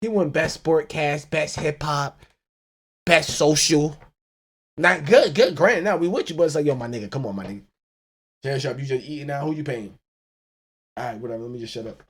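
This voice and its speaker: A man hosting a solo podcast, ranting in an animated, profane way and laughing often. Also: a little high, slightly rough. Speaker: podcast host.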